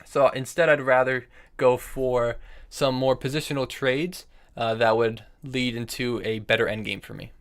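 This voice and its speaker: A young man live-streams chess from his desk, talking through his moves as he plays. He repeats phrases while he weighs options and breaks off to answer viewers in chat. His voice sits in a middle pitch and is picked up by a desk microphone. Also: steady tone, normal speed.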